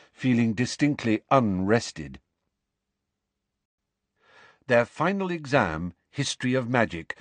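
Expressive male audiobook narrator. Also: mid-range voice, no echo. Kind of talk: scripted narration.

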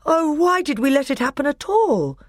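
A woman's voice: high voice, sing-song, normal speed, no room sound, studio quality, voice pushed up. A woman doing an earnest young prince. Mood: anxious.

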